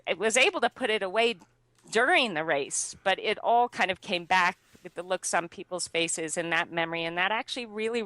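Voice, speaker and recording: A young adult woman, a guest, telling a personal story in an animated way, laughing often and using many fillers. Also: lowish voice, dry recording. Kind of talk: conversational storytelling.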